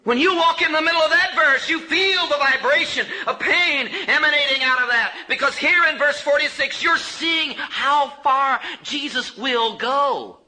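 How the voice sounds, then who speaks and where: Impassioned preacher, bright high voice. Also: male voice, low-quality recording. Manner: impassioned, swings from loud cries to hushed low lines. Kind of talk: sermon.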